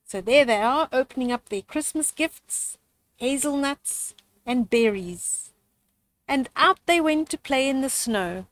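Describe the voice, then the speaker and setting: An older woman reading a children's story aloud outdoors, slow, gentle and expressive. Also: sits high.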